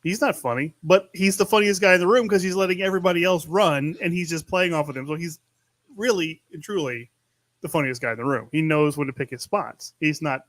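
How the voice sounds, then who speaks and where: A man chats casually as a podcast co-host and offers wry, reflective comments. His voice sits a bit high, and the sound is dry, with no room echo. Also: a little fast, fairly bright tone. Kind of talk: casual chat.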